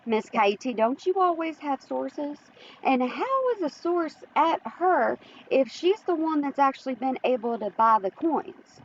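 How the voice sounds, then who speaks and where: High-voiced woman mocking with laughter. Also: lively intonation, unhurried, highs cut off. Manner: mocking, chatty, laughs often. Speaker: host. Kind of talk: opinion commentary vlog.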